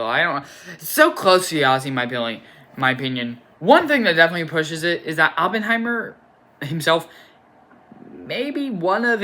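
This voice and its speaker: A man's voice: on the high side, sharp tone. A young man giving a casual, rambling film review, enthusiastic and full of fillers and restarts. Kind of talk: casual spoken movie review.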